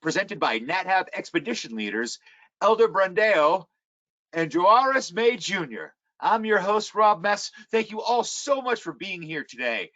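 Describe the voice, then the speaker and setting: A man's voice: high-pitched, very animated, measured pace, sharp tone. A man hosting a webinar, giving an upbeat, welcoming scripted opening. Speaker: webinar host. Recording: dull lo-fi webinar audio.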